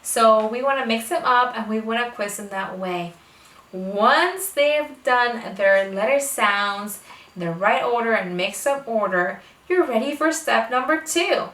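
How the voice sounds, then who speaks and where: A homeschooling mother explaining how she teaches her children to read, speaking slowly and stretching out the letter sounds. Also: on the high side, animated, a bit bright. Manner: slow, deliberate, exaggerates phonics sounds. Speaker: homeschooling parent teaching reading. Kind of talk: instructional talk to camera. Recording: echoey room, voice a bit far from mic.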